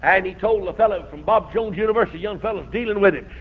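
A man preaching a revival sermon, telling folksy stories and rising to shouts. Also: sits high, fast, slightly rough. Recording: dull lo-fi old recording.

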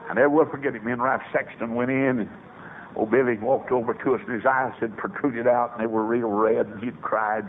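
A man preaching a revival sermon, telling stories with sudden soaring shouts. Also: mid-range voice, steady tone, brisk. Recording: tinny phone-like old radio recording with faint hiss.

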